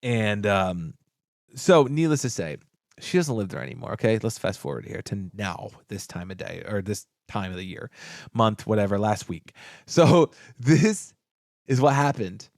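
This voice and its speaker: Speaking a little slowly in a creaky voice, this man co-hosts a podcast and tells a profane, casual story. He's animated, voicing quoted people with big leaps in pitch, and the studio-quality recording is dry.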